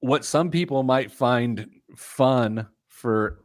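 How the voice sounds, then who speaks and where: A man's voice: medium pitch, slow pace, no room sound, studio quality. A middle-aged man co-hosting a podcast, chatting in a jokey, self-mocking way and often breaking into laughter. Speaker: podcast co-host. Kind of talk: casual chat and read-out segment.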